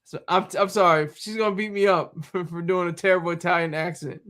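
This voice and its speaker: A man's voice: high-pitched, fairly even intonation, brisk, few pauses, fairly bright tone. A man hosting a casual live chat, reading viewer comments aloud and replying, laughing often and stumbling over words.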